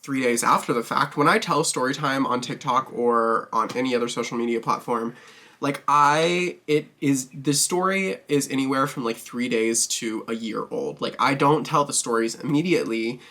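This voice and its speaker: A man's voice: medium pitch, normal speed, bright, forceful tone. A man hosting his own beauty vlog, chatting casually and expressively while doing his makeup, swearing freely and laughing often. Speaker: beauty vlogger host.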